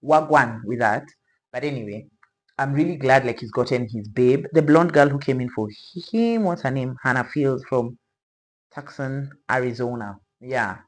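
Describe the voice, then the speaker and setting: A woman's voice: a bass voice, normal speed, rough recording. A woman chatting casually as a reaction vlogger, rambling and playfully opinionated, with slang asides.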